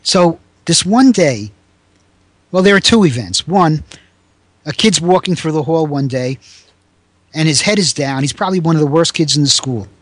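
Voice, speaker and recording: A man in his seventies telling a story in a conversation, animated and acting out the people he quotes. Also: normal speed, long pauses, no room sound. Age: 70s. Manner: animated, raises pitch to act out quoted people. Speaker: guest, former teacher.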